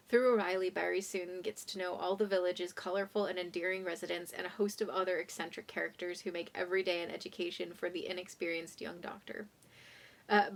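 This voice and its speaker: Chatty young woman with vocal fry. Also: mid-range voice. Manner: chatty and self-deprecating, trailing off into soft asides. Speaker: book vlogger. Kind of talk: casual chat about books. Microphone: phone condenser mic.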